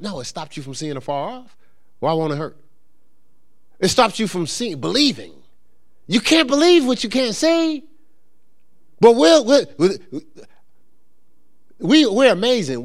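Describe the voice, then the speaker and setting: A man pastor preaching a sermon, acting out quoted voices and slipping into a quiet storytelling tone for a personal story. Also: unhurried, long pauses. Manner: animated preaching with rising emphasis and quoted voices; drops into a low, soft storytelling voice.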